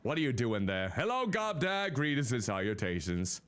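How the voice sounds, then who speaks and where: This man's voice is medium-pitched, clear, and resonant, at a moderate pace. A VTuber streaming a life-sim game, he gives lively, casual commentary and addresses the characters, while faint game music plays.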